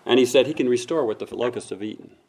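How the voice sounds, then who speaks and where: A man's voice: mid-range voice, fast, a little mellow. A man preaching a conversational sermon to his congregation, acting out voices now and then. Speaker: pastor.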